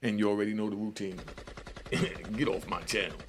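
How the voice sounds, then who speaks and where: A man's voice: on the low side, steady tone, fairly quick, background noise. A man, hosting a loose, streetwise livestream commentary and often asking if you follow him. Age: 60s. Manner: loose streetwise storytelling, keeps asking "you know what I mean". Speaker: commentary channel host.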